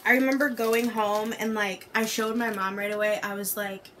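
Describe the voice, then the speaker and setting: A woman's voice: mid-range voice, little pitch movement, normal speed, fairly bright tone, a little hiss or hum. A young woman fresh out of college, a podcast guest, chatting casually and hesitantly with many fillers. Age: young adult. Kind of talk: casual chat.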